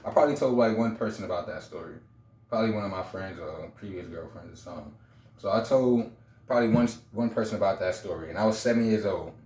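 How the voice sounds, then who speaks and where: A man's voice: lowish voice, fast talker, a little mellow. Rambling man in his thirties, roomy echo. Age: 30s. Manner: rambling, repeats himself, street slang. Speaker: vlogger. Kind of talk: casual storytelling.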